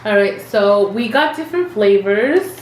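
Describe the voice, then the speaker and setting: A woman's voice: medium pitch, a little slow. Chatty young woman host, echoey room. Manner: chatty, relaxed, laid-back slang. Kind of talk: casual mukbang chat. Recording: echoey room with faint noise.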